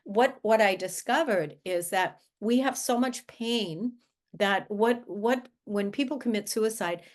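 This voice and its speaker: A woman's voice: medium pitch, measured pace. A woman guest, a life coach, speaking earnestly in a conversational interview, often restarting her sentences. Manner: earnest, with frequent restarts and filler words.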